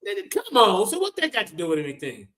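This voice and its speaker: Bright-voiced man, loose profane commentary. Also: high-pitched, wildly swooping pitch, fast talker. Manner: loose, profane, joking, talks straight to viewers. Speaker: commentator reacting to news. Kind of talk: casual reaction commentary.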